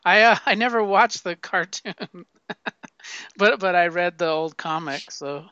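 Male co-host, casual banter, clear, slightly high voice, self-mocking. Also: a little slow, bright, forceful tone, no room sound, lo-fi sound. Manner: playful, self-mocking, laughs often. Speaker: podcast co-host. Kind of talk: casual chat.

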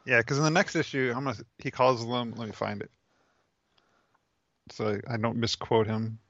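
A man's voice: medium pitch, normal speed, a bit bright, no room sound, highs cut off. A man co-hosting a podcast, talking casually about comics in an easygoing, chuckling way. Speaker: podcast co-host.

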